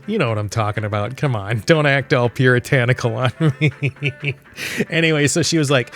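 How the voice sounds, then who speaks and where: A man with a fairly high voice tells a loose, rambling story in a casual way. He chuckles often and corrects himself mid-sentence. Faint video game music plays underneath. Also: expressive, normal speed, fairly bright tone. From Michigan, USA. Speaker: gaming channel host. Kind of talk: casual storytelling over gameplay.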